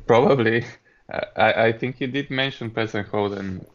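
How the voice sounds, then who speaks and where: A man's voice: medium pitch, normal speed, highs cut off. A man sitting in on a game playthrough, adding short remarks from the side. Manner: brief remarks and laughs off to the side. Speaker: co-viewer.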